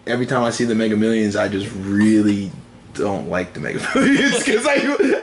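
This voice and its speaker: A man's voice: lowish voice, sing-song, moderate pace, a crowd in the background. Young man rambling through a podcast chat. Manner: rambling, laughs often, storytelling. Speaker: podcast co-host. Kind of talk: casual sports chat.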